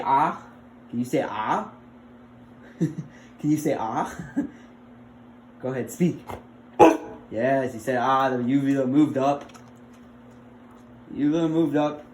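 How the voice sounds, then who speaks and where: Young guy student demo, unhurried, laughs a lot, echoey room, faint hiss. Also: medium pitch. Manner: chatty and fumbling, laughs often, coaxes his dog. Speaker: health assessment student. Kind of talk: casual recorded skills demonstration. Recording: roomy with faint noise.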